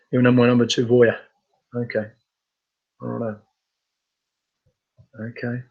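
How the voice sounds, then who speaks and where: A man hosting a casual live computer training webinar, talking in a halting way with many fillers and restarts. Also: medium pitch, completely flat delivery, vocal fry, breathy edge, phone-quality sound.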